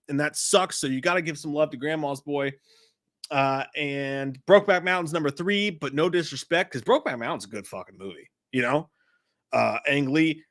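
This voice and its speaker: A man co-hosting a casual movie chat, rambling in a crude, animated way. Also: on the high side, no echo, studio quality. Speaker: podcast co-host. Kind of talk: profane casual movie rant.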